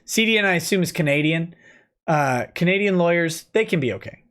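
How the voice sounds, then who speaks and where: A man's voice: a little high, lively intonation, brisk, a bit bright. A man in his thirties hosting a casual livestream, reading chat comments aloud and reacting to them between going over a legal document.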